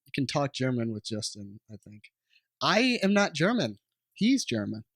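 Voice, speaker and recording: A man's voice: medium pitch, sing-song, normal speed, fairly bright tone, no echo, studio quality. A man co-hosting a gaming podcast in casual, joking chat, often laughing. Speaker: podcast co-host.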